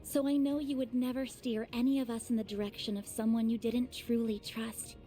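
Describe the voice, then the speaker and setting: A woman voicing an earnest, shy young woman student in a game, gentle and easily flustered. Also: fairly high pitch, little pitch movement, moderate pace, close to an everyday voice. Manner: gentle, flustered when teased. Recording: game audio with faint music.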